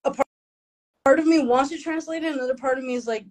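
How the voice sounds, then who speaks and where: A high-voiced woman talks quickly on a rough recording during an interview about her work as an author. Raised in the US in a Mexican family, she keeps things casual and self-deprecating, laughing often and slipping into Spanish now and then.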